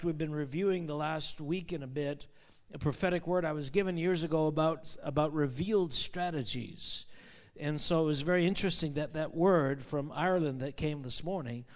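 A man preaching as a pastor in a charismatic sermon, fervent and rising to loud exclamations. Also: on the high side, moderate pace, in a large hall. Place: church sanctuary.

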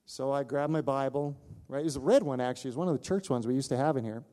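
A man preaching, telling a personal story with animated delivery, acting out the voices of others and laughing at himself. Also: mid-range voice, rapid-fire. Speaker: pastor. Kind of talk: sermon storytelling.

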